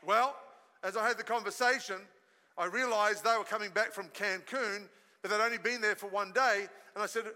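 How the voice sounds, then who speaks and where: A male pastor delivering a lively sermon, his voice pitched high and ringing very bright. He tells stories with energy and invites the congregation to join in. Long reverb from the church hall trails every phrase. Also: moderate pace. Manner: storytelling, energetic preaching with audience call-and-response.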